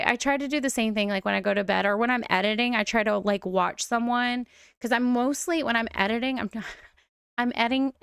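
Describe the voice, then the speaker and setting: A woman's voice: a little high, creaky, fairly bright tone, smooth, no echo, studio quality. A young adult woman chatting casually while streaming a game, rambling and laughing often. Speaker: gaming streamer. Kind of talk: casual live stream chat.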